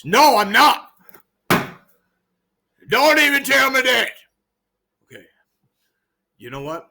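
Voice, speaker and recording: A man freestyling rambling rhymes while playing a video game, with sudden shouted bursts and a hoarse, worn voice. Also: very high-pitched, big pitch swings, takes it slowly, noisy background. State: hoarse, losing his voice. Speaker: gaming streamer. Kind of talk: let's-play commentary with freestyle rapping.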